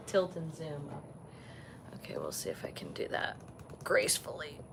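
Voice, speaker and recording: A woman hosting a casual livestream from a resort balcony, chatting softly and gushing over the animals she sees. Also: low-pitched, huge pitch swings, measured pace, gravelly, slight background noise. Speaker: vlog host. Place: resort balcony overlooking savanna, outdoors.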